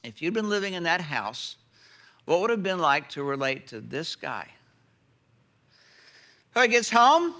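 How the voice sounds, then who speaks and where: A pastor preaches in a high, very bright voice that swings widely in pitch. He tells the story vividly and with animation, bringing each scene to life. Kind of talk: sermon.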